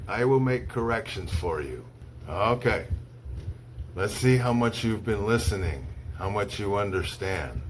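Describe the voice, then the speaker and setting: A man from the United States teaching an English lesson, speaking deliberately and repeating words one at a time for dictation. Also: medium pitch, slight background noise. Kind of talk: slow, clearly spoken ESL lesson.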